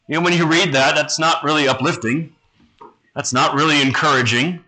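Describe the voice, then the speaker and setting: A man preaching a sermon, reading scripture aloud slowly and low, then explaining it in a conversational way. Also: sharp tone, poor audio.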